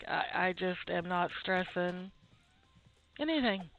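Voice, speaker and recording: Chatting through her gameplay as she builds up a shop, a woman speaks in a drowsy, laid-back, gravelly voice of medium pitch at normal speed. The relaxed commentary comes through tinny, phone-like audio with no echo and faint game music behind it.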